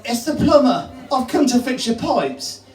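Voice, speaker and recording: A dim-witted plumber, slow and pleading, voiced by a man. The voice sits well above the man's own and keeps a patient drawl. It is heard from far off in an echoey room. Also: very high voice, very animated, darkish tone, voice pushed up, heavily acted.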